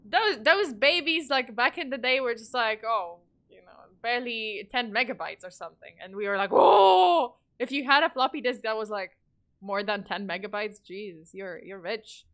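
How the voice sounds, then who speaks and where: Bright-voiced woman streamer rambling casually. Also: on the high side, normal speed. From Poland. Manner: rambling, swearing, laughing a lot. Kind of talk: casual livestream chat.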